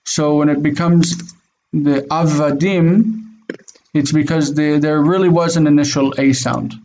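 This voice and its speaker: Speaking a little slowly, this male Hebrew teacher guides an online class with patience, often saying "mm-hmm" to affirm his students. His pitch is a little high, his intonation fairly even, and his tone a little mellow. It's recorded in dull lo-fi audio carrying faint noise.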